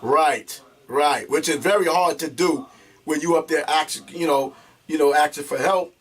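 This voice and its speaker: A man hosts a religious talk show in a preacher-like manner. His voice sits a little high for a man, and he cuts in with questions and religious phrases. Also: unhurried, a bit bright, breathy edge. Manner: preacher-like, interjects, uses religious terms. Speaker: host.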